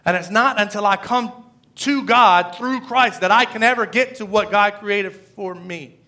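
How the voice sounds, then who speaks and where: A man's voice: high-pitched, a little slow, pushed and bright. A middle-aged man preaching an earnest, emotional sermon with scripture readings. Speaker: pastor.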